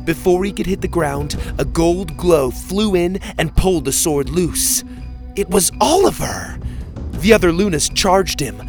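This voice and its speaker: A man narrating a children's adventure story in the first person, with expressive storytelling. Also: fairly high pitch, moderate pace, few pauses. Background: faint music.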